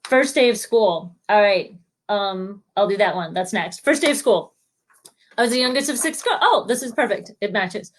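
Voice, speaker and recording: Woman telling funny stories from home, laughs a lot, does little voices for everyone, mid pitch. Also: normal speed. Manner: animated, laughs often, acts out quoted voices. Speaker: storyteller. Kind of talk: spontaneous comic storytelling.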